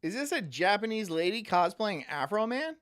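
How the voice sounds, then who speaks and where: A man's voice: high voice, sing-song, normal speed, a bit bright. A man streaming, chatting casually in profane, rambling rants. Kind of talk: casual chat.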